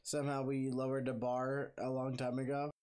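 A man's voice: medium pitch, completely flat delivery, moderate pace, a little mellow, clean tone. A young man hosting a casual podcast, rambling and hesitant, full of fillers. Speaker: podcast host. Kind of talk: casual chat.

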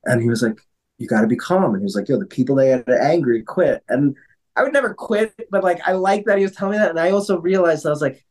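A man co-hosting a casual podcast, telling stories in an animated way with lots of fillers and some swearing. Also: fairly high pitch, quick pace. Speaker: podcast co-host. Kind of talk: casual chat.

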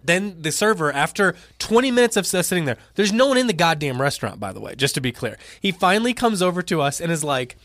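A man's voice: on the high side, quick pace, few pauses, no room sound, studio quality. A man co-hosting a podcast in casual chat, telling a story at length and acting out what people said. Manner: animated storytelling, acting out quotes. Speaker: podcast co-host.

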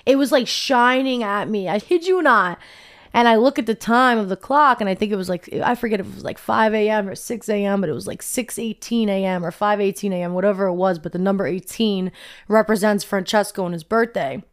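A woman's voice: medium pitch, a little fast. A young woman vlogger telling a personal story in a candid, chatty way, often saying "like".

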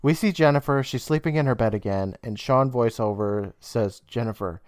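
A man co-hosting a podcast, casually retelling a TV episode with laughter and quick quoted lines. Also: mid-range voice, a little mellow, no echo, clean studio sound. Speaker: podcast co-host. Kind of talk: casual recap chat.

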